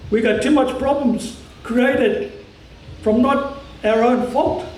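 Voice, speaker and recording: An Australian man from the Cairns region giving an impassioned public speech at a commemoration, talking strong and forceful in halting phrases. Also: very high-pitched, steady tone, reverberant, recorded from a distance, a little hiss or hum, poor audio. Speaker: community speaker at a commemoration.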